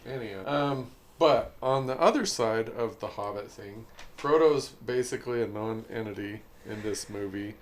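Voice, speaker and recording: A man's voice: fairly low pitch, normal speed. Blunt, dismissive male podcast co-host. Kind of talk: casual film discussion.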